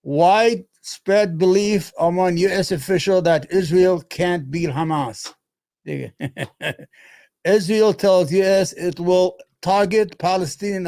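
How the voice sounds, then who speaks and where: A fairly high-pitched man hosts a live stream, reading headlines aloud and breaking off into profane, sarcastic rants. His voice sits close and dry on the mic, with no room sound around it. He rambles and talks back at the news as he goes. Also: unhurried, darkish tone, dry recording. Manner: mutters to himself between headlines. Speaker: streaming show host.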